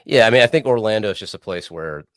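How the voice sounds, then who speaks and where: Man, young adult, hoarse, rambling, profane, deep voice, swooping pitch. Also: lively intonation, fast, dry recording, studio quality. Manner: rambling, profane, laid-back. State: hoarse from screaming. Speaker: co-host. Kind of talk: casual podcast chat. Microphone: remote video call.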